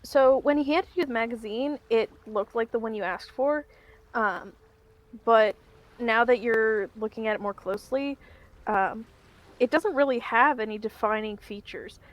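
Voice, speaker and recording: A woman's voice: fairly high pitch, normal speed. A woman running a tabletop game as game master. She narrates in a rambling way, with lots of ums and restarts.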